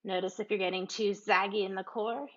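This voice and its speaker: A woman guiding a yoga class, giving calm, encouraging cues and laughing now and then, sometimes a little out of breath. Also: mid-range voice, fairly quick, highs cut off. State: out of breath at times. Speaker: yoga instructor.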